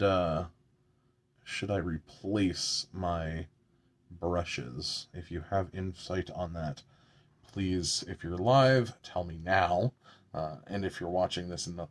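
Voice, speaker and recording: A man chatting casually at home while doing his makeup on a live stream, joking about himself and swearing now and then. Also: low voice.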